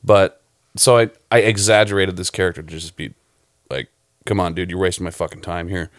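Low-voiced guy rambling about his film, lots of cursing, dry close mic. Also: steady tone, a little fast, no room sound. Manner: rambling, profane, laughs often. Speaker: film director. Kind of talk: casual podcast chat.

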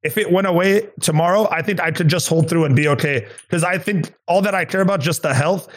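A man's voice: high voice, a little fast. A man with a slightly raised voice talks loosely, piling up fillers and false starts. He sounds earnest and unpolished, circling back on his own sentences in an easygoing chat. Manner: rambling, filler-heavy, earnest. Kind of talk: casual chat.

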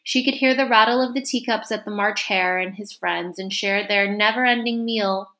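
A woman reading a classic storybook aloud in an expressive, animated narration. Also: medium pitch, moderate pace.

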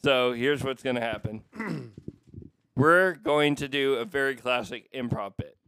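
A man hosting a casual comedy podcast, briskly setting up improv games for his friends. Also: mid-range voice, fairly bright tone, smooth, no echo. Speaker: podcast host.

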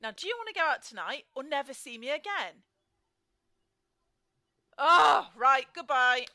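A woman's voice: high voice, animated, a little slow, background noise. Woman doing a bossy girlfriend on the phone.

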